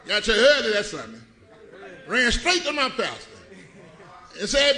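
A middle-aged man preaching a sermon, telling stories, swinging between laughing asides and shouted points. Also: extremely high pitch, normal speed, pauses often. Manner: animated, shouting and laughing with the congregation. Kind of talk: sermon storytelling. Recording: church congregation audible. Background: live congregation.

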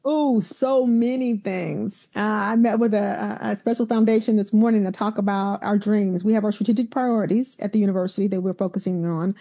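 A woman's voice: medium pitch, fairly quick, gravelly, hardly any pauses, dull audio. A woman who is a university president, telling stories in an interview and acting out the voices of the people she quotes. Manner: animated storyteller, acts out quoted voices. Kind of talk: conversational interview storytelling.

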